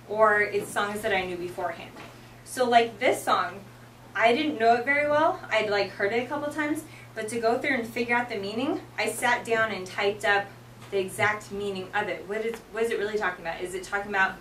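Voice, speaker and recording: A young woman, speaking briskly in a medium-pitched, fairly bright voice, runs a sign language class for students and acts out song lyrics as she explains. Her talk is casual, chatty, and full of "like" and "um." Slight background noise accompanies her, and she sounds distant in the echoey room.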